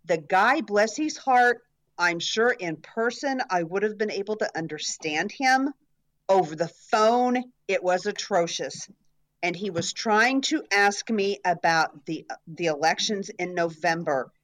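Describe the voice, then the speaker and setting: A woman co-hosting a casual talk show, telling anecdotes in a lively, wry way. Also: mid-range voice, a little slow. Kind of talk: casual chat.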